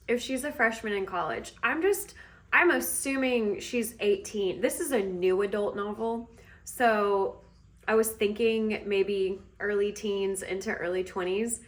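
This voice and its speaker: A woman recording a casual reading vlog outdoors, chatting and recapping a book while speaking more quietly than usual. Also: medium pitch. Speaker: book vlogger.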